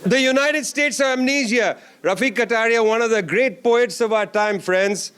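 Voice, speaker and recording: A man's voice: very high voice, moderate pace, fairly bright tone, clean tone. A man giving a closing keynote at a conference, speaking emphatically with sarcastic asides and repeated lines. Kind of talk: political speech. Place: conference hall.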